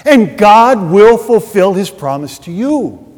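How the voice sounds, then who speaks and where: A man's voice: high-pitched, very animated, slow, darkish tone. A man preaching a sermon as pastor, telling a story and acting out its dialogue. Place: church. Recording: long reverb of a large hall.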